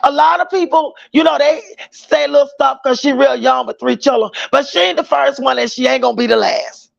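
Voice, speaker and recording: A woman's voice: high-pitched, a little fast, gravelly, muffled recording. A woman hosting a casual livestream, chatting with viewers, greeting them by name, using slang. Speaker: livestream host.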